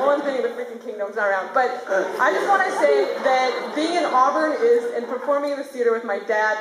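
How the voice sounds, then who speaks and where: Young woman rambling on a theater stage, kinda high voice, echoey room, lots of ums. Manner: rambling, chatty storytelling with many fillers. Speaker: animator presenting her work. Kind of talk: casual onstage talk.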